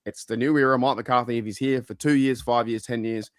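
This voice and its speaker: A man's voice: medium pitch, steady tone, fairly quick, dry recording. Podcast host guy, blunt, keeps dragging everyone back on track, dry close sound. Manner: blunt, steers the talk, swears. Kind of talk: casual sports chat.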